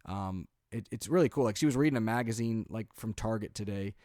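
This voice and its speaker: Fairly low-pitched and fairly quick, this thirtysomething dad co-hosting a podcast recounts a long family story in a relaxed, animated way. He voices the quotes and plugs gaps with "um" and "like," all captured in clean studio sound with no room tone.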